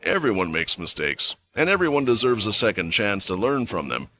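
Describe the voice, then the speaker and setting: A man doing a calm old healer mage. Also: normal speed. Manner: matter-of-fact, quiet and low.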